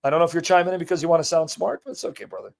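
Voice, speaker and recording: Speaking very fast in an animated voice on the high side, with vocal fry, a man hosts a livestream. He reads a text aloud and teaches live, commenting through emphatic rhetorical questions aimed at viewers.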